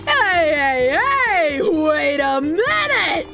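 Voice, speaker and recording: A woman voicing a loud, boastful male wrestler who brags and bellows as he makes his entrance in a game. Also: high voice, big pitch swings, drawn-out words, faint music behind, pitched above the performer's own voice, full character voice. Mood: boastful shouting. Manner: bellowing, bragging.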